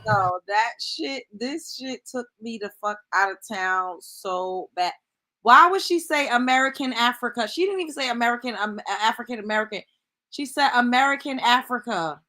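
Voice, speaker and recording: A woman's voice: fairly high pitch, normal speed, sharp tone. A woman hosting a live stream, giving blunt, profane reaction commentary and laughing often. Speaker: show host.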